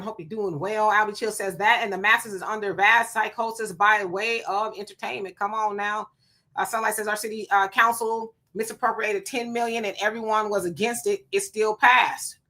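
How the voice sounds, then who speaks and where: A woman hosting a live talk stream, chatting casually and reading viewer comments aloud in an animated way. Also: mid-range voice, normal speed. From California. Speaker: live show host.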